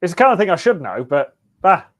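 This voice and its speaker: A man's voice: sits high, sing-song, a little fast. A man talking as a podcast guest, easygoing and chatty with a dry, wry humour. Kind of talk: casual interview chat.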